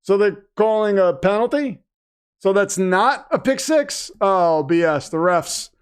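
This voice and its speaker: A man hosts a live stream at a desk microphone in his home setup. His voice sits high and clear, and his unhurried chatter keeps erupting into booming announcer-style calls. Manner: excitable, breaks into wrestling-announcer shouts. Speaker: livestream host. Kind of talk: live watch-party commentary.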